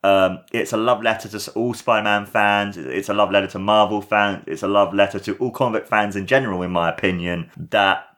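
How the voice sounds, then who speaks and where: A man's voice: on the low side, fairly even intonation, fairly quick, few pauses, a bit bright. A man hosting a podcast, giving a casual, enthusiastic and rambling film review with a lot of repeated words. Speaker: podcast host.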